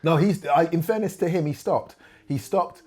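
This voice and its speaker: A middle-aged man, a podcast guest telling a candid story in an animated way and acting out what other people said. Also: fairly high pitch, normal speed.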